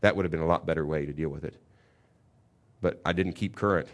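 A middle-aged man, a pastor, preaching a sermon and telling a story, going from calm teaching to loud bursts. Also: very deep voice, quick pace.

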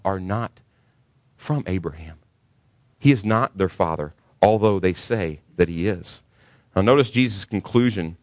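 A male pastor with a lowish voice preaches to his church, emphatic and driving, his voice climbing hard on the points he wants to land. The sound is close and dry, with little room echo. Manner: emphatic preaching, rising sharply when stressing a point. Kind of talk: sermon.

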